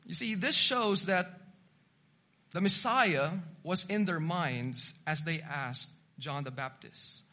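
A male preacher giving a teaching sermon at an unhurried pace. His voice sits high and sounds bright and forceful, and he hammers home key points with repeated, emphatic words. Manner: measured teaching delivery, rising to emphatic repetition. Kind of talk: expository sermon.

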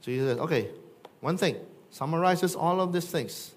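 Male pastor, slightly high-pitched, energetic sermon delivery. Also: moderate pace. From Philippines. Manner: animated, acts out quoted voices with big pitch jumps.

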